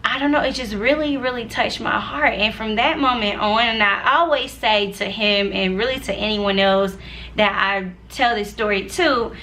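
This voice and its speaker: Bright-voiced young woman, chatty testimony. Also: medium pitch, moderate pace, a little hiss or hum. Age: 20s. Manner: chatty and earnest, full of "like" and asides to viewers. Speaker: vlogger sharing her faith testimony. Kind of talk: casual personal testimony.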